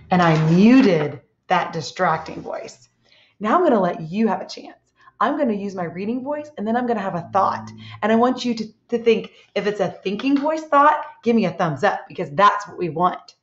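A woman teacher talks young children through a read-aloud lesson, gentle and expressive, often stopping to ask them questions. Her voice sits at a middling pitch. The room is echoey and the sound is dull and lo-fi. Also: a little hiss or hum.

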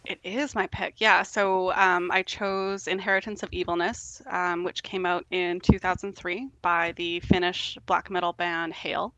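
A woman, a guest on a podcast, reviewing an album in a relaxed, casual chat full of ums. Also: fairly low pitch, a little slow, hardly any pauses, no room sound, poor audio. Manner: relaxed, hesitant with frequent ums.

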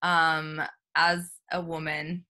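Woman host talking slow, bright kinda sharp voice, lots of ums. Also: low-pitched, flat delivery. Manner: slow, supportive, frequent ums. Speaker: podcast host. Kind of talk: casual interview chat.

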